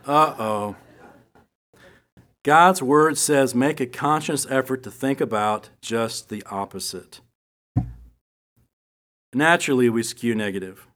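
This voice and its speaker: Middle-aged man, Bible teacher, conversational sermon, storytelling, humorous asides, mid-pitched voice. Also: unhurried, fairly bright tone. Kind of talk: sermon with personal stories.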